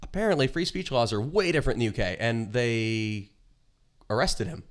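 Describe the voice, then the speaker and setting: A man's voice: medium pitch, moderate pace. A man co-hosting a comedy podcast, chatting casually and telling rambling stories full of swearing and laughter. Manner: profane, rambling storyteller who laughs often. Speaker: podcast co-host. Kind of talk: casual chat.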